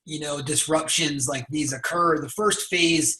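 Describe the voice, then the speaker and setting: A man hosting a motivational conversation, talking in an energetic coaching tone. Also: a little high, measured pace, roomy sound, low-quality recording. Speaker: podcast host.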